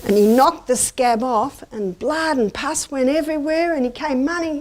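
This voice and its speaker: A woman's voice: sits high, moderate pace, a little mellow. A middle-aged woman giving a chatty, anecdotal health lecture to a live audience and asking them questions. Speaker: health presenter.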